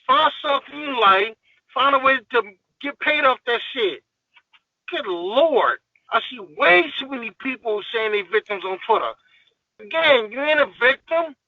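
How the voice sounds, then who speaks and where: A man's voice: extremely high pitch, expressive, a little slow, dry recording, lo-fi sound. A man guest on a podcast, ranting in a heated, profane, emphatic way in casual talk.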